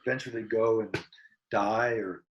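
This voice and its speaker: A man's voice: lowish voice, a little slow, dull audio. Earnest man telling a personal story. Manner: earnest, reflective, animated when retelling. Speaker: guest musician. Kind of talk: casual interview storytelling.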